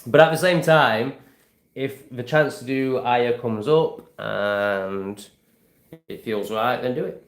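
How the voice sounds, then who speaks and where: A man's voice: medium pitch, takes it slowly, echoey room. A man in his forties chatting casually to camera, rambling and swearing freely as he restarts his sentences. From England. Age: 40s. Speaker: vlogger.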